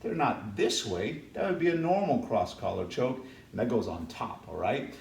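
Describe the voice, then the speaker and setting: A man's voice: medium pitch, sing-song, normal speed, creaky, a little hiss or hum. A man teaching kids jiu-jitsu, walking through each move step by step and checking in with "all right?" along the way. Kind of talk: demonstrating technique for kids. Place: martial arts academy mat room. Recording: echoey room from far off.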